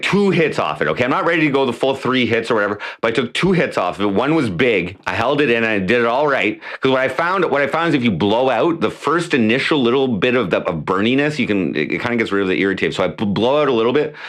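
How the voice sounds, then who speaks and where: A man's voice: medium pitch, fairly bright tone. A man hosting a casual livestream from home, rambling and profane, with many restarts. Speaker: livestream host; mayoral candidate.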